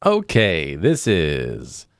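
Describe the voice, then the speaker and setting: Man hosting with a very animated pitch. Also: very slow, gravelly, no echo, clean studio sound. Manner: wry, self-deprecating segment announcing. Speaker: podcast host. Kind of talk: casual comedy podcast hosting.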